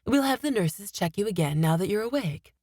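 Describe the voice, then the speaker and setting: A woman voicing a worried, scolding middle-aged mother in an audiobook, in a measured way. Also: medium pitch, expressive, a little mellow, no echo, studio quality.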